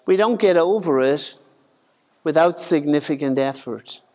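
A man's voice: a little high, measured pace, a little mellow, in a large hall. A man preaching a sermon in a conversational way, acting out the voices of the people in his retelling.

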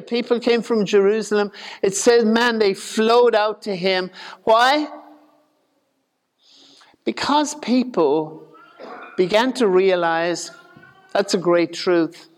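Guy giving a folksy chatty sermon, highish voice, long echo. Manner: conversational, folksy, with asides and humor. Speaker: preacher.

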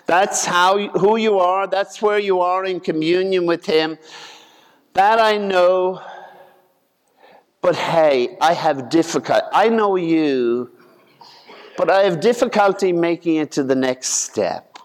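A man preaching a conversational sermon in a folksy way, acting out voices with sudden leaps in pitch. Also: slow pace, smooth. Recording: long reverb of a large hall.

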